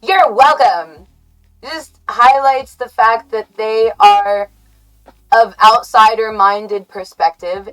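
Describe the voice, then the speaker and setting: Slow, rambling woman streamer from the US. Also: fairly high pitch, fairly bright tone, poor audio. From United States. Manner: rambling, halting, self-correcting, giggly. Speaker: livestream host. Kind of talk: casual stream chat to viewers.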